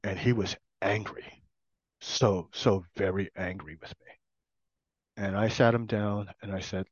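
A middle-aged man sharing his personal recovery story in an earnest, reflective way, in short halting phrases. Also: on the low side, fairly even intonation, slightly rough, no echo. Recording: dull, dry recording.

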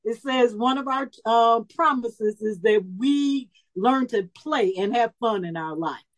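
A woman of about seventy telling a personal story at a recovery meeting, lively and animated, acting out the voices she quotes. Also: on the high side, measured pace, low-quality recording. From Chicago area. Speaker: speaker sharing her story at a recovery meeting.

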